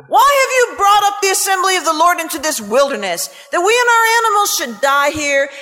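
A woman preaches an impassioned, emphatic sermon in a high, pushed, bright voice, tossing in scornful asides and reading Scripture aloud. The recording has long hall reverb and faint music.

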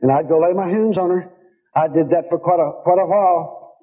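High-voiced folksy preacher. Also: male voice, a little fast. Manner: folksy storytelling, quotes God and others in his own voice. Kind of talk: sermon. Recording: dull lo-fi sound.

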